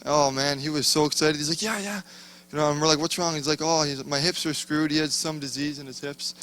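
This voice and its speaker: A man's voice: fairly high pitch, level tone, quick pace, fairly bright tone. A man sharing a casual testimony in a rambling, self-interrupting way, often breaking off mid-sentence. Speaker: conference attendee sharing a testimony.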